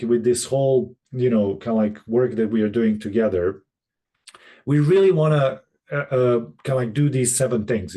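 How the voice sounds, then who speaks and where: A man presenting on a video call, talking in a halting way with many restarts and fillers. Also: medium pitch, dark tone. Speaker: session facilitator. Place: room in Boston.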